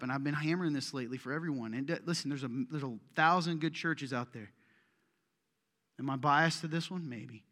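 A man preaching a sermon as pastor, animated and putting pointed questions straight to the congregation in a church. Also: fairly high pitch, long reverb tail. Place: church sanctuary.

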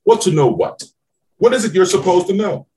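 A man's voice: animated, a little fast, dark tone. A man hosting a podcast as a business mentor, preaching in an emphatic, profane way with exclaiming questions. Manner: emphatic, preachy, swears freely, swings to high exclaiming questions. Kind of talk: motivational podcast talk.

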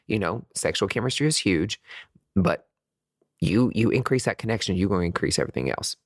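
A man talking candidly to his viewers in a sassy, animated way, full of swearing and pet names, with sudden high squeals of disgust. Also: fairly quick, husky, dry recording, studio quality. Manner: very expressive pitch swings, high squeals of disgust. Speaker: vlogger sharing dating opinions.

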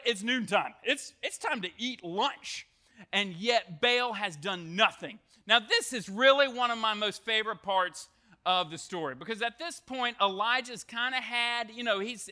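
Animated, bright-voiced male preacher. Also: very high-pitched. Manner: animated storytelling with jokes and asides. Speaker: youth pastor. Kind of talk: sermon to students.

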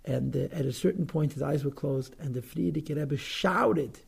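A man's voice: a little high, moderate pace, creaky, slightly rough. A man teaching through a story, dramatic and emotional, often repeating words and acting out quotes with feeling. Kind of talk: storytelling lesson.

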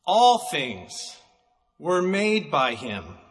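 A man preaching a sermon, emphatic and slowing down to stress single words, recorded in a church hall. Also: a little high, huge pitch swings, a bit bright.

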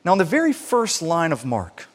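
A man preaching a sermon in an animated way, acting out the people he quotes. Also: a little high, normal speed. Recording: reverberant hall sound.

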